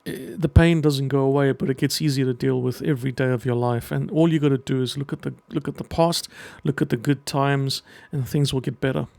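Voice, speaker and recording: A middle-aged man speaking earnestly and emotionally in a personal message to camera, pausing often as he talks. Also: medium pitch, steady tone, vocal fry, a little mellow, no room sound. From half Greek. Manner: earnest, halting, emotional, with pauses. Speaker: vlogger and children's book writer.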